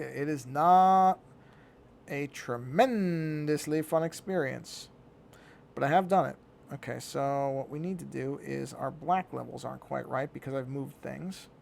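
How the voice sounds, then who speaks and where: A man's voice: fairly high pitch, creaky, a little hiss or hum. A middle-aged man talking casually to himself as he works on a digital drawing, muttering and thinking aloud. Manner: talks to himself while working, muttering. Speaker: digital artist.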